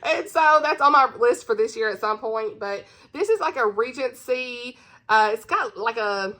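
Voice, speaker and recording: A woman's voice: on the high side, moderate pace, sharp tone. A woman hosting her own channel, chatting casually and bubbly about books she recommends, giggling often. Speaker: book reviewer, channel host. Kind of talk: casual book-recommendation chat.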